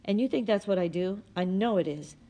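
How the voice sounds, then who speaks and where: A woman's voice: medium pitch, brisk, warm tone, natural voice. A woman reading the lines of a worried, weary middle-aged father in an earnest, pressing way.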